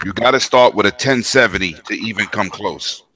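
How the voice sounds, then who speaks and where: A man's voice: fairly low pitch, sharp tone. A man hosting a casual gaming podcast, emphatic and slangy, on a home mic. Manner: emphatic, slangy, quick interjections. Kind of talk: casual chat.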